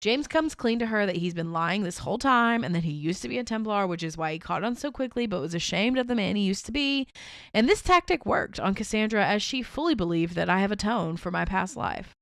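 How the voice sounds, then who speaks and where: A woman's voice: medium pitch, animated, a little fast, a bit bright, no room sound. A woman co-hosting a podcast, reading a fan story aloud and often breaking into laughter. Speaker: podcast co-host.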